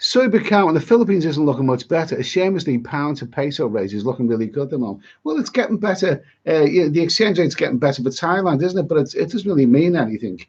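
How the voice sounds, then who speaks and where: This British man, a travel vlogger, chats ramblingly on a live stream, reading viewer comments and often repeating and restarting his words. His fairly high, sing-song voice moves quickly with few pauses and sounds a little mellow and slightly rough, on a muffled recording.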